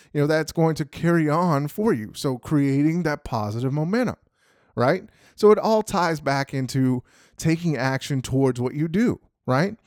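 A man's voice: fairly high pitch, darkish tone, no echo, clean studio sound. A man hosting a podcast, giving a casual motivational talk and often asking "right?" to the listener. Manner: casual, repeats "you know" and "right?" often. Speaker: podcast host.

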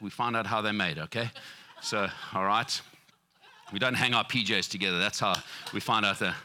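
A middle-aged man preaching a sermon to his church, telling lively stories with acted-out quotes. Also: mid-range voice, a little hiss or hum. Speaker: pastor.

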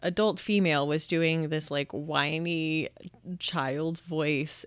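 A woman co-hosting a book podcast, frank in her opinions and quick to laugh. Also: deep voice, steady tone, smooth, dry recording. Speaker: podcast co-host. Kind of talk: casual book chat.

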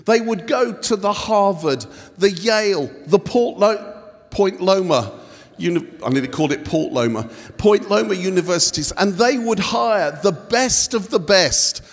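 A man's voice: sits high, lively intonation, a little slow. A man giving a humorous guest sermon, telling stories and joking with his listeners. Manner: jokey storytelling, bantering with the audience. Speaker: guest preacher. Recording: long hall reverb.

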